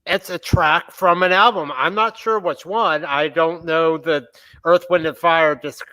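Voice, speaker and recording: A man co-hosts a casual podcast, talking hesitantly with many "um"s and restarts. His voice is fairly high and sharply bright. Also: fairly even intonation, measured pace. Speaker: podcast co-host. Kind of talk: casual chat.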